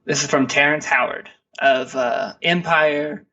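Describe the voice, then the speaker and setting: A man's voice: a little high, fairly even intonation, a little slow, bright, forceful tone, recorded from a distance, dull audio. A man co-hosting a podcast, talking in a laid-back, rambling way with lots of fillers and restarts. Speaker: podcast co-host. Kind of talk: casual chat.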